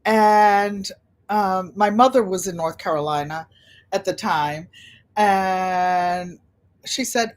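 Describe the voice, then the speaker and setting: An older woman hosts a casual livestream in a chatty storytelling way. She brings people she quotes to life with animated voices. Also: medium pitch, slow pace. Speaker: channel host.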